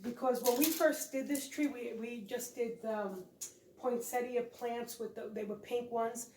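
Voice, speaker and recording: A woman's voice: fairly high pitch, steady tone, measured pace, background noise. A woman chatting casually and rambling a bit while showing holiday decorations in her home vlog. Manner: rambling, chatty, self-correcting. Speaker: co-host of home decorating channel. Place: home room with decorated tree. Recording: echoey room, mic at a distance.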